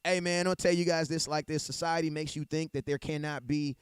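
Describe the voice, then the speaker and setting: A man's voice: a little high, steady tone, a little fast, noisy background. A man co-hosting a live sports stream, talking in loose slang and laughing often. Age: adult with a young daughter. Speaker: podcast co-host. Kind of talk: casual sports chat. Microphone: home mic on a live stream.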